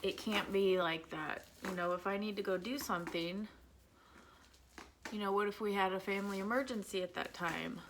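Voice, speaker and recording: A woman's voice: mid-range voice, fairly even intonation, moderate pace, noisy background. A woman, chatting candidly as she does her makeup at home and venting about her son. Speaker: vlogger, mother of an autistic son. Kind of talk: casual makeup vlog chat.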